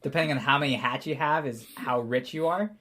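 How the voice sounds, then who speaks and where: Male GM, loose rambling narration, quick to laugh. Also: medium pitch, sharp tone. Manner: casual, rambling, laughs often. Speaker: game master. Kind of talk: narrating a tabletop game.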